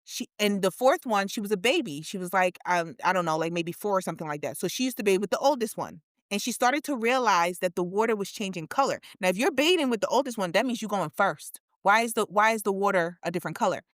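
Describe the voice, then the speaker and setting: Animated woman co-host, dry close sound. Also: medium pitch, fast, hardly any pauses, no room sound. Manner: animated storyteller, voice leaps up for emphasis. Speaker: podcast co-host. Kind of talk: casual chat.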